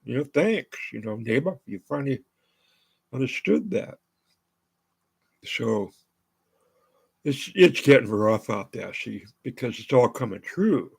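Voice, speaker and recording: A man's voice: medium pitch, big pitch swings, measured pace, vocal fry, pauses often, slightly rough. An older American man hosting his own show, talking in a rambling monologue full of fillers and restarts. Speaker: show host.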